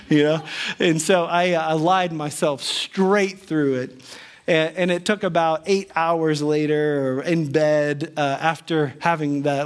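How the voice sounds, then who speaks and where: A middle-aged male pastor gives a sermon through a personal story, his voice sitting a little high. He is chatty and self-deprecating, and he acts out the lines of the people in his tale.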